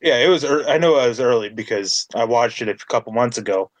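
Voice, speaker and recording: A man's voice: medium pitch, quick pace, dry recording. A man hosting a casual sports podcast, talking with enthusiasm and building his points with repeated phrases. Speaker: podcast host.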